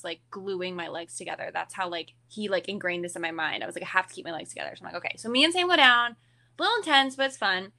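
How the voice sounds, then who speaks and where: A young woman guest on a podcast, excitedly retelling a funny story with giggles. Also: medium pitch. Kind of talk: casual storytelling chat.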